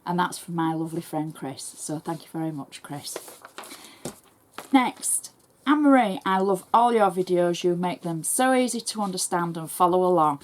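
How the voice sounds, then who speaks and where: A woman's voice: on the low side, animated. English woman reading viewer messages. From England. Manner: brisk, chatty, warmly thankful. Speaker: crafting tutorial host.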